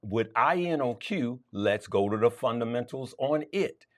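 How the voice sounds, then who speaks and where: Lively, emphatic male trading show host. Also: mid-range voice, a little slow. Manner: emphatic, lively, repeats points for stress. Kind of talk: market commentary to viewers.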